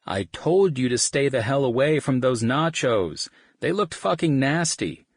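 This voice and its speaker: A man's voice: mid-range voice, animated, measured pace, husky, no echo, studio quality, pitched above the performer's own voice. A man voicing a worn-out married musician who teases his friends dryly and swears freely, in an audiobook. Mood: teasing. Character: worn-out married male musician, teasing and gruff. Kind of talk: audiobook character voice.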